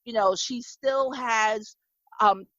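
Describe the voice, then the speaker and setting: A woman with a flat Midwestern accent talks in a loose, rambling way, full of "like" and "you know." Her voice sits a little high. The recording is dry and slightly muffled. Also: takes it slowly, no echo. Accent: Midwestern American. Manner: chatty, animated storytelling with many fillers. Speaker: podcast host. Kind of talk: casual chat.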